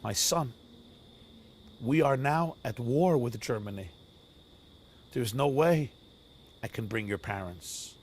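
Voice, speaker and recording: A man voicing a compassionate wartime king who speaks softly and gently, told within a sermon story. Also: medium pitch, lively intonation, takes it slowly, pauses often, slight background noise. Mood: gentle.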